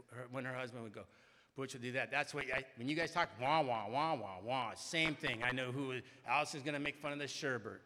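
A man's voice: medium pitch, sharp tone. A middle-aged man speaking at a large recovery meeting, telling a rambling, self-mocking personal story and often tagging on "right?". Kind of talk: humorous personal storytelling to a crowd. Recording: reverberant hall.

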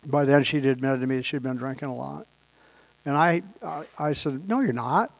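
This man's voice is gravelly and mid-pitched, with a steady tone and an ordinary pace. He's sharing his personal story at a recovery meeting, wry and anecdotal, briefly imitating the people he quotes along the way.

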